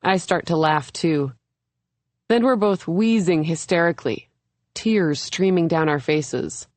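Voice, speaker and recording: Female audiobook narrator, young adult: low voice, unhurried, measured first-person delivery. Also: dry recording. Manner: measured, even storytelling.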